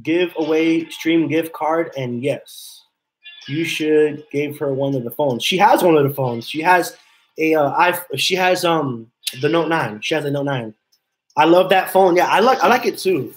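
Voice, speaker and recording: A man chatting casually on a live stream from his home office. His voice sits a little higher than usual for a man. He rambles, repeats himself and reads chat messages aloud. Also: unhurried, slight background noise, rough recording. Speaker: livestream host.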